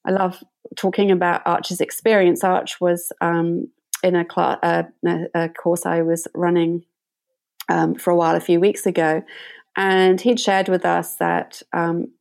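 Gravelly-voiced woman meditation teacher. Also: on the low side, flat delivery. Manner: gentle, reflective, unhurried. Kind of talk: conversational interview storytelling.

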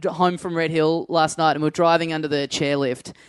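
A man, co-hosting a live podcast with casual, laughing banter and quick reactions. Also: fairly high pitch, steady tone, smooth, dry recording, clean studio sound. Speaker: podcast co-host.

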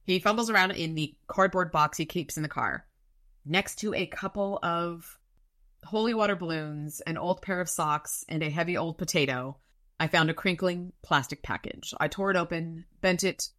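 A woman's voice: on the low side, normal speed, pushed and bright. A woman co-hosting a podcast, casually recapping a novel's plot with wry, dry asides. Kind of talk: casual book-recap chat.

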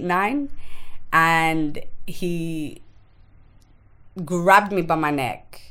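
A woman, a podcast guest recounting her own life frankly and bluntly, swearing freely. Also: low-pitched. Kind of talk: candid personal testimony in conversation.

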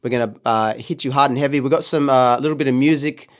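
On a laid-back podcast, this male co-host wanders through his points, restarting sentences, filling gaps with ums, and laughing frequently. He speaks at a quick pace in a mid-range voice.

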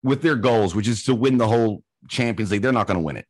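A man hosting a casual podcast, easygoing and quick to laugh. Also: fairly low pitch, slightly rough, no room sound. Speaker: podcast host.

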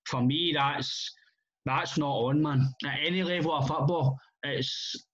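A man's voice: a little high, steady tone, measured pace, fairly bright tone. A Scottish man in casual football chat, blunt and rambling, swearing freely with many restarts. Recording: muffled lo-fi audio.

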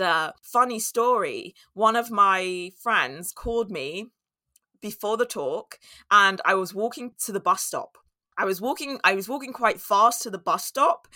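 A woman's voice: medium pitch, pushed and bright, no room sound, clean studio sound. A young woman telling a candid, reflective personal story in a monologue, now and then acting out her own inner voice.

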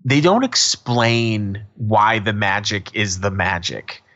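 A man's voice: on the low side, lively intonation, takes it slowly, pushed and bright, muffled recording. A man co-hosting a podcast, recapping a TV episode in casual, rambling chat that drifts into asides. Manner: rambling, digressive, laughs often. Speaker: podcast co-host.

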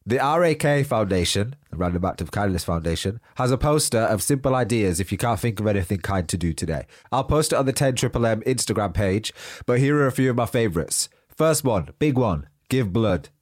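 Male podcast host, congested and nasal, breathless, low voice, dry close sound. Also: lively intonation, dry recording. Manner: upbeat and encouraging despite pauses for breath. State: blocked nose, out of breath. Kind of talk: solo motivational podcast talk.

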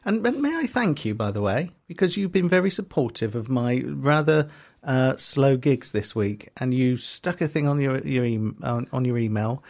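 A man with a gravelly edge to his voice, co-hosting a casual podcast. He tells stories at length, looping back with ums and restarts, at a middle pitch. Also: expressive, moderate pace, a little mellow. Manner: rambling storytelling with fillers and restarts. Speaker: podcast co-host and comedy promoter. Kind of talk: casual chat.

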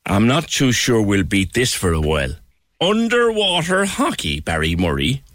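A man hosting a radio talk show, his low voice rising and falling a great deal. He is wry and conversational, and the sound is dry and close. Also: wildly swooping pitch, normal speed, fairly bright tone, no echo.

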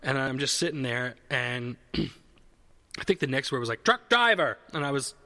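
A man's voice: medium pitch, fairly even intonation, moderate pace, gravelly, sharp tone, big-room sound. A man telling a long, rambling comedic story in casual chat, correcting himself mid-sentence and swearing freely.

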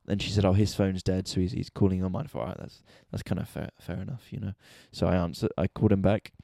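A man vents through a casual, swear-heavy monologue, his voice sitting fairly low and sounding soft and mellow. He sounds exasperated and animated as he tells his story, recorded close and dry with almost no room sound. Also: fast talker, vocal fry, no room sound. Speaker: podcast host and stand-up comedian.

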